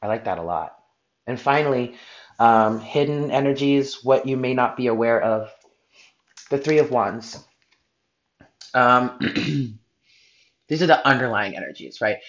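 A man's voice: mid-range voice, lo-fi sound. A man giving a spiritual tarot reading in an earnest, heartfelt way, sometimes blunt. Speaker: tarot reader.

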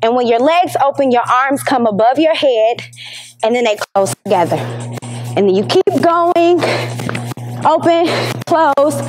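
A woman's voice: high voice, expressive, a little slow, long pauses, a little mellow, soft background music, rough recording. A woman leading an exercise lesson as a PE teacher, counting down reps and encouraging while she works out, slightly out of breath.

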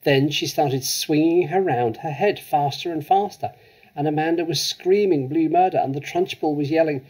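A man reading a children's story aloud with measured, expressive narration. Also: a little high, husky, rough recording. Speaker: story reader.

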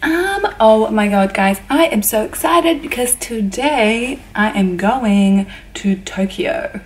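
Young woman, travel vlogger, bubbly and gushing, slightly high voice with lots of bounce; casual chat to a handheld camera in a hotel room. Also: lively intonation, slow.

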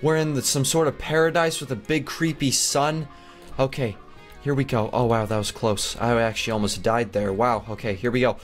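A young man hosting a game video, giving jokey, animated play-by-play with sudden excited yelps. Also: medium pitch, normal speed, faint music behind. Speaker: gaming video host. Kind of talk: casual game commentary.

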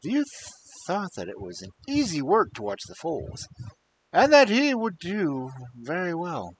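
Expressive man reading a fairy tale. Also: high voice, a little slow, a little hiss or hum, rough recording. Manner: expressive, dry wry asides. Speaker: storyteller.

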